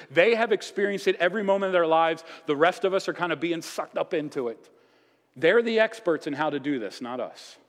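Animated pastor in an echoing hall. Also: male voice, medium pitch. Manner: animated storytelling, acts out voices with casual asides. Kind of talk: sermon. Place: church sanctuary. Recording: long reverb of a church hall.

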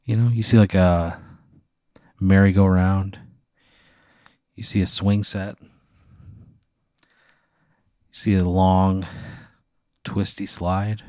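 Slow and flat, with long pauses, the host's low-pitched, slightly mellow voice carries a long, rambling hypothetical full of "like" and casual cursing. It's casual podcast storytelling in clean studio sound without room noise.

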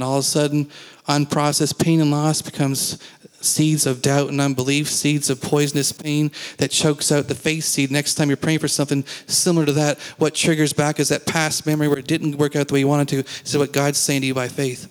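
A man's voice: a little high, level tone, brisk, smooth. A man preaching a sermon as pastor, talking conversationally and asking the congregation questions in a church sanctuary. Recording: long reverb of a church hall.

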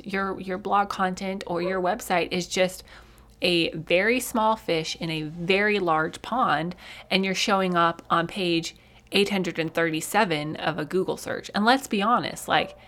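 A woman's voice: on the low side, a bit bright. A woman in her thirties from Colorado with a Southern US accent, hosting a casual solo podcast in a folksy, upbeat way and laughing often. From Colorado, USA. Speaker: podcast host.

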